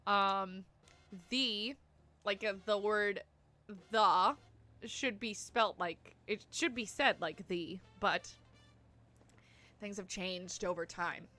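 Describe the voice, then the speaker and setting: A woman's voice: medium pitch, slow, pushed and bright, soft background music. A young woman streaming a life-sim game, chatting to her viewers in a rambling, laugh-filled way. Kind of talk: casual live-stream chat.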